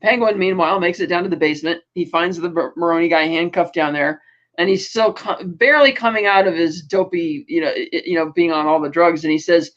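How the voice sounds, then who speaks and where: A man's voice: a little high, fairly quick, fairly bright tone, muffled recording. A man co-hosting a podcast, recapping a TV episode in a rambling way with many fillers. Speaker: podcast co-host.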